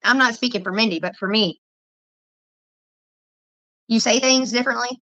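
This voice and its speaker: A woman's voice: fairly high pitch, moderate pace, bright, forceful tone, no echo, poor audio. A woman chatting casually and rambling, laughing and swearing as she talks. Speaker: streamer chatting with viewers. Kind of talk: casual livestream chat.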